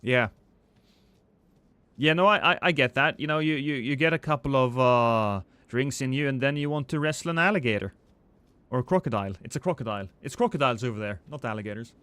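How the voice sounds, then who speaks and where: Bright-voiced joking man streaming a game. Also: mid-range voice, a little fast, clean tone, no room sound. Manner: rambling, joking, self-deprecating. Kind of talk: live gameplay commentary chatting with viewers.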